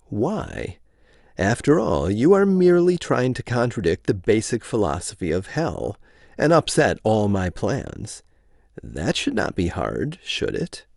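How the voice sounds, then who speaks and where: A man's voice: fairly low pitch, wildly swooping pitch, unhurried, gravelly, a little mellow, no echo, studio quality, exaggerated voice. A man reading a story aloud, voicing the Devil as a falsely friendly, mocking tempter. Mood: taunting. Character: the Devil, smooth and taunting in human guise.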